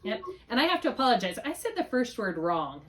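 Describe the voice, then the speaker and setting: A woman's voice: a little high, sing-song, fairly quick. A middle-aged woman tutoring a student in spelling, patient and encouraging, drawing out syllables to model them. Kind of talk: one-on-one spelling lesson.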